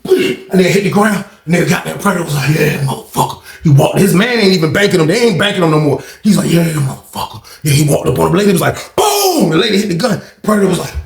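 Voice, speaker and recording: A man hosting a storytime channel, telling a prison story in a profane, excitable way and acting out the fights with sound effects. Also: a little high, racing, creaky, few pauses. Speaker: storytime host. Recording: roomy echo.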